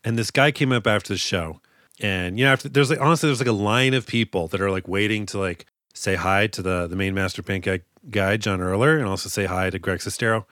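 A man's voice: lowish voice, brisk, a bit bright, no echo. Self-deprecating man on a dry mic. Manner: joking, self-deprecating storyteller. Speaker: podcast co-host. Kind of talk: casual chat.

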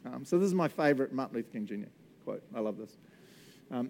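A man giving a casual, animated sermon, laughing often and acting out voices. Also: medium pitch, quick pace, gravelly, a little hiss or hum. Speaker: preacher.

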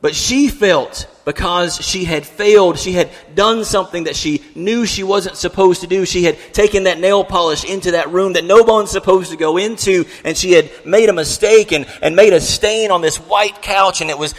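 A man's voice: high-pitched, moderate pace, long reverb tail. A man in his thirties preaching a sermon, telling a story in an earnest way with many restarts. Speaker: pastor.

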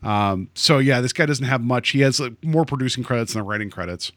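A man's voice: medium pitch, expressive, brisk, fairly bright tone, no room sound. Rambling man with a dry close sound. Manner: rambling, filler-heavy with many "like"s. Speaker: podcast co-host. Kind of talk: casual chat.

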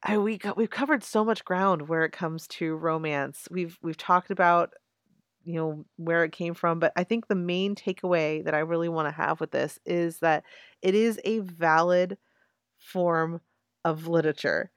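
A woman's voice: on the low side, fairly even intonation, normal speed, smooth, no room sound, studio quality. A woman co-hosting a casual discussion podcast, thoughtful and wry, often agreeing with short fillers.

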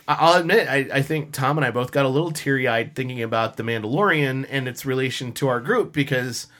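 Bright-voiced man telling animated stories. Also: mid-range voice, a little fast. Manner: animated storytelling with fillers and laughs. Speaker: podcast co-host, costumer. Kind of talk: casual chat.

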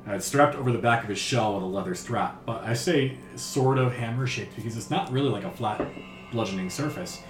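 A man working as game master, narrating a tabletop game in a descriptive, unhurried way with filler words. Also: medium pitch, a little hiss or hum. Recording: roomy echo with faint music.

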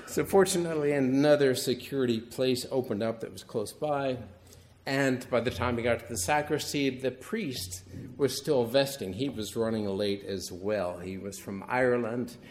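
A man's voice: medium pitch, normal speed, slight background noise. A middle-aged male priest giving a homily that starts as a wry, conversational story and moves into teaching.

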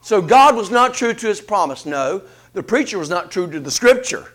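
A man preaching a sermon, asking rhetorical questions in an animated delivery. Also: high voice, moderate pace.

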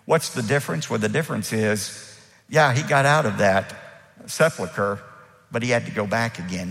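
Pastor, male, emphatic sermon delivery with a lively rising and falling pitch, long echo of a big church hall. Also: vocal fry. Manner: emphatic preaching, acts out quoted speech.

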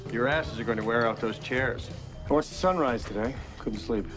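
A man's voice: mid-range voice, moderate pace, music in the background, close to an everyday voice. An actor playing a witty, hard-drinking older male ad executive, delivering dry sardonic one-liners. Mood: wry.

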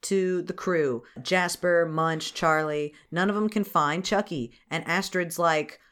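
A woman's voice: on the low side, unhurried, few pauses, a bit bright, clear, resonant tone. A woman co-hosting a podcast, recapping a cartoon film in casual chat, laughing, swearing and acting out scenes in silly voices. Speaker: podcast co-host.

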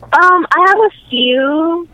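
A woman's voice: very high voice, animated, takes it slowly, sharp tone, dry recording, lo-fi sound. A woman calling in to a radio show as a guest, giggly and hesitant in casual talk. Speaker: caller, guest. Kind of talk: casual phone interview.

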